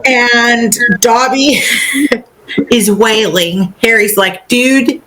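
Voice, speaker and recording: A woman's voice: medium pitch, slow pace, rough recording. A woman podcast co-host giving a casual, giggly recap of a book chapter. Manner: animated, giggly storyteller.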